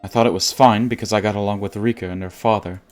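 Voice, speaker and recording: A man voicing a scheming, ambitious young woman researcher, reading game dialogue aloud in a low, even voice. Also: fast, faint music behind, natural voice. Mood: brooding.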